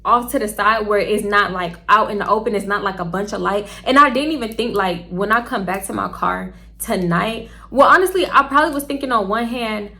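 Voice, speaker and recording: Young woman vlogging a storytime, bright sharp voice, cussing, animated. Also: medium pitch, a little fast, few pauses. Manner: blunt, profane, animated. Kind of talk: casual storytelling.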